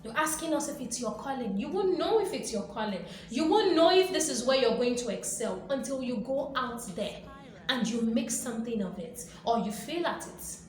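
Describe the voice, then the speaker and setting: A woman's voice: fairly high pitch, expressive, moderate pace, a little mellow. A woman hosting a motivational talk, speaking emphatically and repetitively, with playful acted-out quotes. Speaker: motivational video host. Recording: very echoey room with faint background noise.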